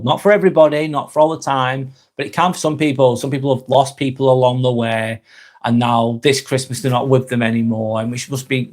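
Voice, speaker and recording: A man with a Lancashire accent hosting a live stream, reading viewer comments aloud and talking in a gentle, reflective way. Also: medium pitch. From Northwest England.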